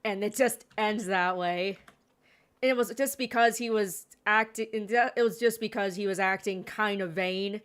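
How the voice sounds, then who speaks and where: A woman's voice: medium pitch, moderate pace. A woman giving casual gameplay commentary, rambling with sarcastic asides. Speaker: gaming streamer.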